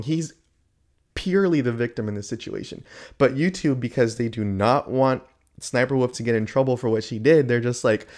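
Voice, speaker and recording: A man's voice: mid-range voice, moderate pace, darkish tone. A man ranting indignantly to the camera in a YouTube rant video, exasperated and emphatic.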